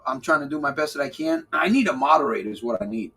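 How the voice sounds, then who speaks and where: A man coaching listeners on a live stream, his husky voice swinging widely up and down in pitch. He talks playfully and keeps repeating key phrases to drive them home. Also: animated, quick pace, sharp tone. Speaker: recovery coach hosting a live podcast. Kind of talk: live-stream talk, answering chat.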